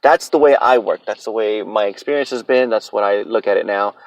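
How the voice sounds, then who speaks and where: A man's voice: on the low side, a little fast, dry recording, poor audio. Solo podcast host, a man in his thirties, opinionated and profane, with a dry, close sound. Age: 30s. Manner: blunt, profane, opinionated ranting.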